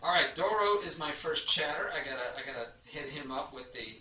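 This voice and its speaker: A man's voice: a little high, animated, fairly quick, pushed and bright, a little hiss or hum. A man streaming chess, chatting casually and rambling as he greets chatters by name. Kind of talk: casual live-stream chat. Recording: echoey room, from a distance.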